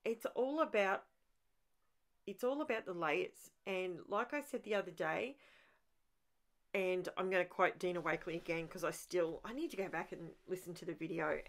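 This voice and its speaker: A woman's voice: lowish voice, normal speed. A woman hosting a crafting video, talking over her process in a chatty, rambling way that is full of enthusiasm. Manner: chatty, rambling, thinks aloud with frequent restarts; enthusiastic about messy art play.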